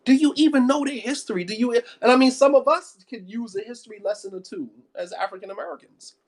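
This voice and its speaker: A man's voice: very high-pitched, quick pace. A man giving an impassioned sermon, firing off rhetorical questions and repeating phrases for emphasis. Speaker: preacher.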